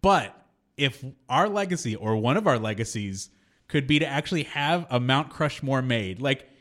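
A man's voice: medium pitch, lively intonation, moderate pace, fairly bright tone. A man co-hosting a radio show, rambling and laughing through casual chat with many fillers. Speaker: co-host.

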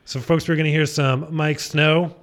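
A man's voice: a little high, flat delivery, normal speed, fairly bright tone. A man hosting a radio show from a studio, telling funny stories and acting out the other people in them. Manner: joking storyteller, acts out dialogue. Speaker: radio host. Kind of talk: casual radio banter. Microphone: studio headphones and mic.

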